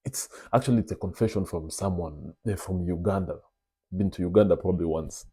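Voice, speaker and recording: Deep-voiced man telling a story. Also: fairly quick, slightly rough. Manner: animated, confiding, addresses listeners as brothers. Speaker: vlog host. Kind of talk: casual storytelling monologue.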